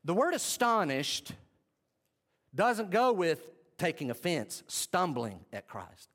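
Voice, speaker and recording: A man preaching a sermon, swinging between loud outbursts and hushed asides. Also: high voice, sing-song, takes it slowly. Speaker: pastor. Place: church sanctuary. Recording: long reverb of a church hall.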